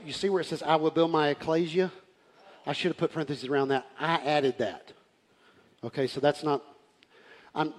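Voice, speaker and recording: A man preaching a fervent sermon. He often shouts and laughs as he preaches. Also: fairly high pitch. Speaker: pastor. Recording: live church hall with reverb and faint crowd.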